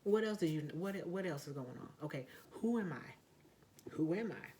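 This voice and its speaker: A woman talking in a casual vlog monologue, blunt and profane, with lots of fillers and emphatic, loud outbursts. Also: low voice, lively intonation, moderate pace, slight background noise. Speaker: vlogger.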